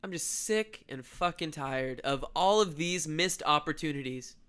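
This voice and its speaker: A man's voice: fairly high pitch, animated, unhurried, fairly bright tone, clear, resonant tone. A man from Texas co-hosting a podcast in casual comedic chat, sarcastic and swearing freely. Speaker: podcast co-host.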